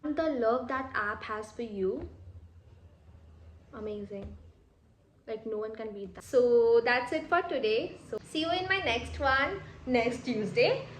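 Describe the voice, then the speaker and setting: A woman's voice: on the high side, animated, measured pace. A young woman, chatting casually and enthusiastically to camera as a vlogger, with lots of filler words. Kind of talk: casual vlog talk to camera. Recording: echoey room with faint noise.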